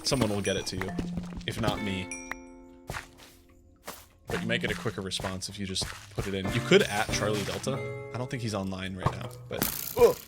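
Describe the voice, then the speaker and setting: A live streamer chatting casually while playing a game. The talk is rambling and self-deprecating, with quick asides to chat. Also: deep voice, steady tone, over loud music. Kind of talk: casual gameplay commentary.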